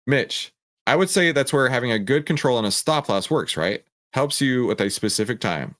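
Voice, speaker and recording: A man's voice: on the low side, dry recording, clean studio sound. A man hosting a trading show, answering live viewer questions while working through charts in a casual, conversational way, often repeating himself and restarting sentences. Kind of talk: live Q&A with screen-share chart walkthrough.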